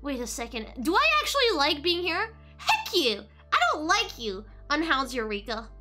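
A bubbly young woman chatting to her stream audience. Her high voice jumps all over the place and sounds bright and sharp. Soft music plays faintly under her. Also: sing-song, normal speed. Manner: bubbly, giggly, bursts into high squeals. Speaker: VTuber streamer. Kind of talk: casual live-stream chat with viewers.

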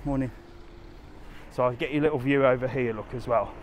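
A man talks to his live audience while strolling a sunny seaside resort, chatty and down-to-earth. His voice sits at an ordinary middle pitch. Faint street and traffic sounds carry behind him. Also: steady tone, brisk. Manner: chatty, down-to-earth, answers viewer questions while walking. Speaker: travel vlogger answering live chat. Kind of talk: casual live-stream walking vlog.

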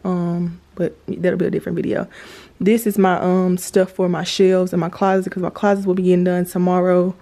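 A woman's voice: lowish voice, flat delivery, moderate pace, dark tone. A woman in her twenties chatting casually to viewers in a vlog, filming in her new house on a handheld phone. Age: 20s. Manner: chatty, addresses viewers as y'all. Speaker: vlogger.

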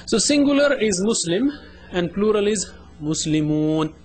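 A man teaching children in a slow, repetitive call-and-response drill, saying each phrase and then its translation. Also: high-pitched, sing-song, slight background noise, rough recording. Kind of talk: children's language lesson.

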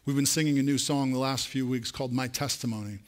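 A man's voice: steady tone, quick pace. A man preaching a sermon in church, speaking earnestly and directly to his congregation. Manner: rising to an emphatic pitch near the end. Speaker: pastor.

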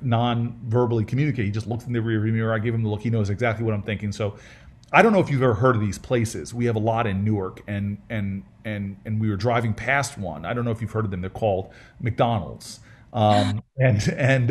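A middle-aged man telling a personal story in a casual fireside chat, earnest and humorous, with frequent restarts and repeated words. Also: mid-range voice. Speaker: senator speaking as guest in a fireside chat.

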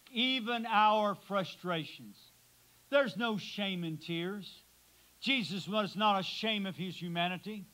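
High, bright-voiced preaching man. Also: rough recording. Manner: preaching with dramatic swings from loud to hushed. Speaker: pastor. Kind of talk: sermon. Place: church sanctuary.

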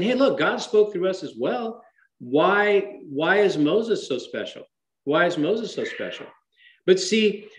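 A man with a rather high voice leads a Bible study, talking in an animated, conversational way. He keeps throwing rhetorical questions at his listeners, and the room around him sounds echoey. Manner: animated, with dramatic shifts in emphasis. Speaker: Bible teacher.

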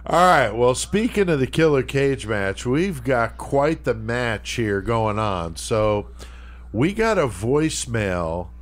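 A man's voice: medium pitch, sing-song, slow pace. A man hosting a podcast in a laid-back, casual way. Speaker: podcast host.

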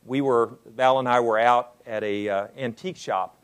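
A man, older, giving a lecture to an audience as a university president, unhurried and full of "uh" fillers. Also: medium pitch, fairly even intonation, clear, resonant tone.

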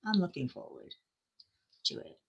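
A woman's voice: moderate pace, lo-fi sound, background noise. An older woman hosting a casual craft livestream, chatting in a rambling, self-deprecating way and laughing often. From South Florida.

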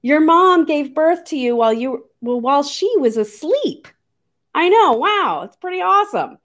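A woman who teaches nature to children, speaking in an animated, sing-song, coaxing way as she shows live animals. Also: high-pitched, normal speed. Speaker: nature educator.

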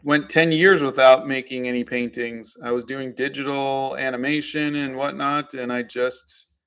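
A man's voice: mid-range voice, fairly even intonation, normal speed, fairly bright tone, smooth. Easygoing man giving art tips. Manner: easygoing, gives drawing advice. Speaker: artist host. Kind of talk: casual live-stream chat.

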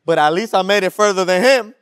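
A man voicing a boastful young male swimmer who brags loudly and then gasps as he runs out of steam. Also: high voice, quick pace, clean tone, pitched above the performer's own voice, lightly acted. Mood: winded, smug. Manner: cocky then gasping.

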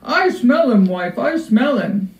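A woman's voice: lively intonation, slow, mellow. A woman voicing a huge, greedy male giant who bellows and chants his demands. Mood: bellowing. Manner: booming, chanting. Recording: echoey room, far from mic, dull.

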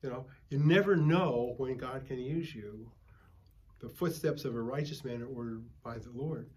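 A man's voice: mid-range voice, normal speed, darkish tone. An older man preaching at a Bible study, a folksy pastor who tells stories and calls for amens from the group. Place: church.

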